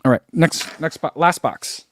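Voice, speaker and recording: A man's voice: fairly high pitch, unhurried, a bit bright. A man who reviews running shoes, chatting casually through an unboxing and thinking aloud with lots of fillers.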